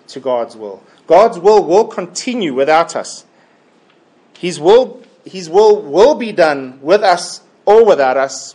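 Male preacher for a verse-by-verse Bible sermon: slow, slightly high voice, emphatic and repetitive. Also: darkish tone. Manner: deliberate, emphatic, repeats key phrases.

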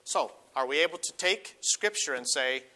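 A middle-aged man preaching a sermon as a pastor, earnest, slowing down and rising when he reads scripture aloud. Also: fairly high pitch, expressive, sharp tone. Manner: earnest, slows and rises on quoted verses.

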